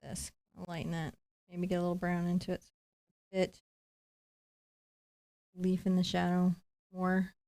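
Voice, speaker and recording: A woman's voice: lowish voice, monotone, measured pace, creaky, pauses often, mellow. A middle-aged woman giving a live acrylic painting lesson, chatting playfully while she paints. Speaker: painting instructor.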